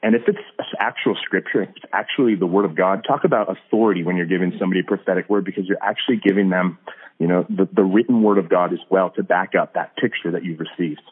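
Over a thin phone-style connection, a man with a deep, slightly rough voice talks quickly. He's a podcast guest speaking earnestly about hearing God in casual faith talk, frequently restarting and filling pauses.

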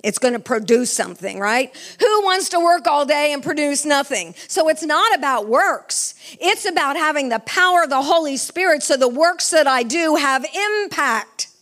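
A woman's voice: high voice, animated, normal speed, hardly any pauses, fairly bright tone. A middle-aged woman preaching a sermon with fervor, asking the congregation questions. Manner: fervent, asks the congregation questions.

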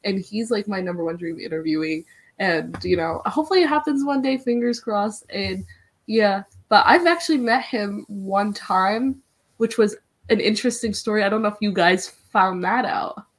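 A woman's voice: mid-range voice, normal speed. Bubbly young woman telling a story. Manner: bubbly, excitable storytelling, many "like"s. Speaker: wrestling interviewer, podcast guest. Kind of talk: casual podcast chat.

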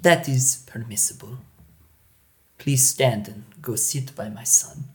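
A man's voice: mid-range voice, darkish tone, natural voice. Man doing a menacing gray tribal chief. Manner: formal, slow and threatening. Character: large gray male tribal leader, cold and menacing. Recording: echoey room.

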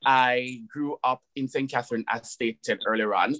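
A Jamaican man in his late thirties, a podcast guest talking in a relaxed, effusive way with many fillers. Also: mid-range voice, normal speed, poor audio. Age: 30s. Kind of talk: casual podcast chat.

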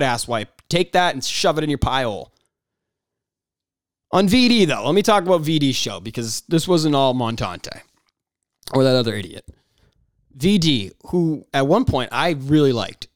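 A man's voice: a little high, dry recording, clean studio sound. A man hosting a podcast, talking in a blunt, profane casual monologue. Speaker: podcast host.

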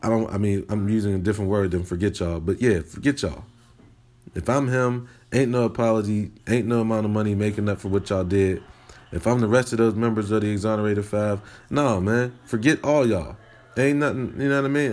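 A man's voice: on the low side, steady tone, a little fast, darkish tone. A man hosting a casual solo podcast, talking with passion and repeating himself, peppering his talk with "man" and "you know what I mean". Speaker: podcast host.

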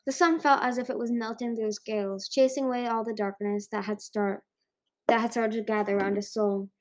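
A woman's voice: on the high side, steady tone, a little fast, a little mellow. A woman narrating a children's fantasy book as an amateur audiobook reader, with frequent slips and restarts.

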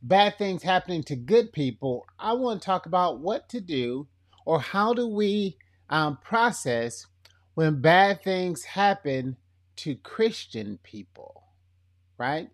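A man's voice: high voice, big pitch swings, slow. A middle-aged man from Florida with a slightly country Southern accent, hosting a faith podcast in a chatty, upbeat way with frequent fillers and restarts. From Florida, USA. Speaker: podcast host. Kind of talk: casual faith podcast talk.

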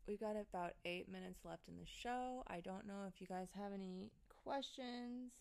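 A woman's voice: medium pitch, normal speed, vocal fry, a little mellow, clean tone. A woman in her thirties hosting a live show and chatting casually with viewers. She is loose and chatty, laughing and swearing often. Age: 30s. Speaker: livestream host.

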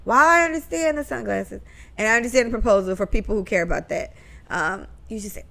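A woman's voice: medium pitch, quick pace, vocal fry. A woman co-hosting a podcast, chatting casually and profanely, acting out quoted lines as she gossips. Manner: animated, profane, acts out quotes. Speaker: podcast co-host.

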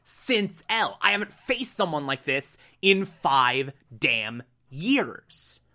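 A speaker putting on the voice of an arrogant young male genius from an anime, shifting from low self-satisfied muttering to furious shouting. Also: very animated, slow, heavily acted. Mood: rattled. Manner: rants in bursts, smug then furious.

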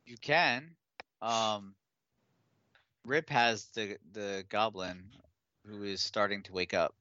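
A man narrating as game master in a tabletop game, halting and restarting as he goes. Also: on the low side, steady tone, sharp tone, no echo, dull audio.

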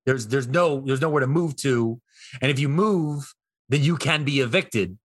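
A man in his thirties co-hosting a casual comedy podcast, telling bits in an animated way and jumping into high voices for characters. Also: moderate pace, breathy edge, no room sound, clean studio sound. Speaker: podcast co-host.

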